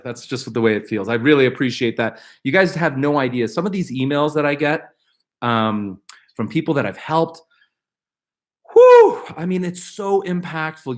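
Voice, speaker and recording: A middle-aged man hosting a live question-and-answer stream, chatting casually and with rambling energy, reading out viewer questions and answering them. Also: mid-range voice. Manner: animated, upbeat, rambling with fillers and restarts; reads viewer questions aloud.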